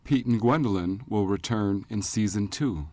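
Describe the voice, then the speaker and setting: Male audiobook narrator, very deep voice, measured storytelling, dry close studio sound. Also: darkish tone, no room sound. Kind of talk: scripted narration.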